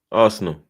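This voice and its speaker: A young man, hosting a football podcast and ranting angrily, swearing, with repeated slang tags. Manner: angry, sweary, repeats "blood" and "you get me". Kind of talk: ranting casual chat.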